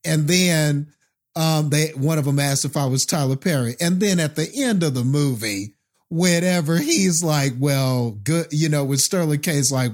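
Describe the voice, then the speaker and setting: A man's voice: fairly high pitch, measured pace. A man co-hosting a podcast, talking with enthusiasm about a film and leaning on fillers like "like" and "you know". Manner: enthusiastic, filler-heavy, chuckling. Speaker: podcast co-host. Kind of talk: casual movie review chat.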